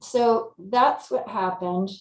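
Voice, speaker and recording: Animated woman storyteller in an echoey room. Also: medium pitch, slow pace. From California. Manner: animated storyteller, acts out her own thoughts. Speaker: interview guest. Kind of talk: casual storytelling.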